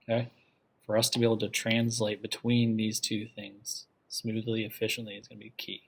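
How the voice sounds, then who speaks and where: Math teacher who keeps checking "okay?". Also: male voice, fairly low pitch, monotone, normal speed, creaky, breathy edge. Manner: asks the class questions and repeats key ideas for emphasis. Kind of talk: classroom lecture.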